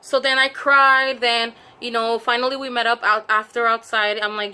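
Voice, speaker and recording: A woman's voice: fairly high pitch, flat delivery, a little fast, hardly any pauses, pushed and bright, smooth. A young woman chatting to her viewers in a casual story time, full of fillers and asides to the audience. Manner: chatty, many fillers, addresses viewers directly. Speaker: vlogger telling a story time.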